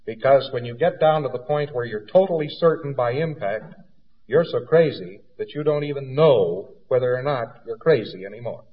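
A man's voice: medium pitch, expressive, moderate pace. A man giving a lecture in an emphatic, folksy way and acting out little anecdotes. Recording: dull lo-fi recording in a reverberant hall.

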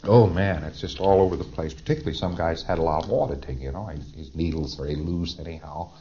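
A man's voice: sits low, quick pace, dark tone, lo-fi sound. A man giving a conversational, emphatic lecture with asides and rhetorical questions. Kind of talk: recorded lecture.

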